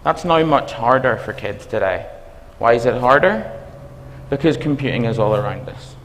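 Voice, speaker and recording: A man with a Belfast accent giving a conference talk as a university dean, talking fast and quizzing the audience. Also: medium pitch, expressive, a bit bright, a little hiss or hum. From Northern Ireland. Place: lecture hall. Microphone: stage microphone. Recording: reverberant hall.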